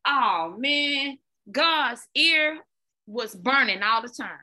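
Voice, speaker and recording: A woman guest, a fitness coach, telling her own story candidly, animated and often repeating words. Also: high-pitched, takes it slowly. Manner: animated, repeats words, talks to listeners as "y'all".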